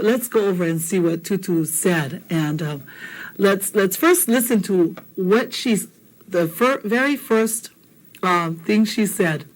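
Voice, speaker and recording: A woman's voice: medium pitch, rough recording. Encouraging woman teaching. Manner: encouraging, repeats phrases for learners. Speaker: Hawaiian language teacher. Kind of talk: language lesson explanation.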